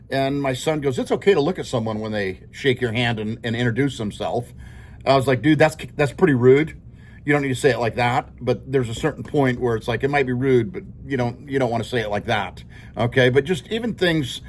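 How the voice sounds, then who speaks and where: A middle-aged male teacher with a voice on the high side gives his class a rambling, informal talk. He chuckles often and keeps checking in with "okay?"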